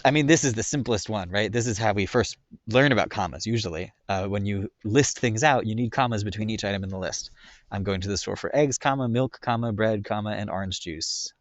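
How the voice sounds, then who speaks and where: Low-voiced man teaching a grammar lesson. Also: dry recording, dull audio. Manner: casual, filler-heavy explaining with frequent "right?".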